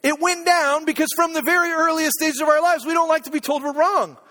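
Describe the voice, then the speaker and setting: Brief: middle-aged man preaching, chatty and story-driven, high voice, long church-hall reverb. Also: fairly even intonation, fairly quick, sharp tone. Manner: conversational storytelling, checks in with listeners. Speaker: pastor. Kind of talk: sermon.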